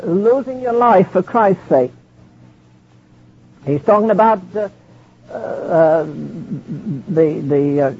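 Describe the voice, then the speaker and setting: A man's voice: high-pitched, slightly rough. A man preaching a sermon, reading scripture in old King James wording. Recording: dull lo-fi archive sermon recording.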